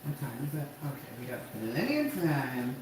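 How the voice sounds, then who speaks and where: A woman hosting a casual livestream from home, chatting with viewers and laughing often, then coaxing her dogs inside in a high voice. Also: sing-song, normal speed. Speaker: livestream host. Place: at home, indoors. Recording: very echoey room with background noise.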